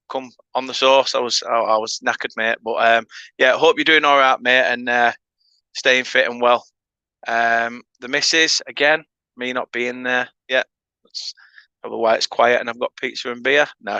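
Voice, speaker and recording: A man's voice: mid-range voice, bright, forceful tone, clean tone, dry recording, low-quality recording. A man hosting a casual live football watchalong, chatting and reading out viewer comments. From England. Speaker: livestream host.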